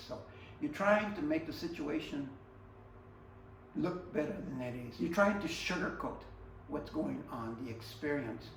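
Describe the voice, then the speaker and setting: A man giving a heartfelt instructional talk on grief, earnest and personal, swinging between emphatic stresses and quiet passages. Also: on the high side, animated, a little slow, vocal fry, roomy sound, recorded from a distance, a little hiss or hum, low-quality recording. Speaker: grief support presenter.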